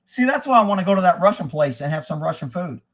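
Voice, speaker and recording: High-voiced man ranting on a livestream. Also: animated, fast talker. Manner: profane and heated, reacting to chat. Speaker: livestream host. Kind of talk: casual ranting livestream chat.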